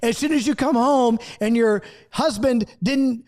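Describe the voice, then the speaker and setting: A man with a fairly high voice gives an impassioned Bible study to camera. He swings from loud acted-out outbursts down to quiet, earnest asides. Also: normal speed, hardly any pauses. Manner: acts out quoted outbursts, swings between loud and hushed. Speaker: Bible teacher.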